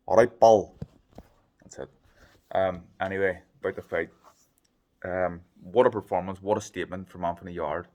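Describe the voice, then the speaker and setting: A man's voice: low-pitched, little pitch movement, moderate pace. A man giving a casual vlog recap of a boxing fight from a hotel room, chatty and thinking aloud with lots of ums. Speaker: boxing pundit.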